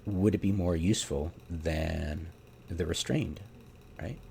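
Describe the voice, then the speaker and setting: A game theorycrafter with a low, slow, gravelly but warm voice rants casually while building a game setup over gameplay. He sounds exasperated, tossing out rhetorical questions and lots of ums. There's slight background noise.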